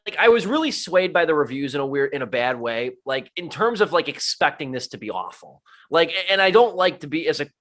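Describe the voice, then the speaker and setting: A man co-hosting a movie podcast, talking as a film critic in a casual, wry and animated way. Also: on the high side, fairly quick, hardly any pauses. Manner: animated, wry, self-deprecating asides. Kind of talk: casual movie review chat.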